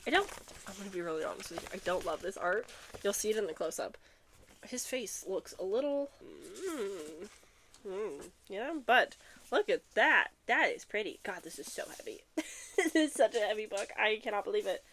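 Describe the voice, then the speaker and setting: A young woman chats breathlessly through a book unboxing, quick to giggle and to burst into excited asides. Her voice sits at an ordinary middle pitch for a woman, and her talk is relaxed and conversational. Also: slight background noise. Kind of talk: casual chat and reading blurbs aloud.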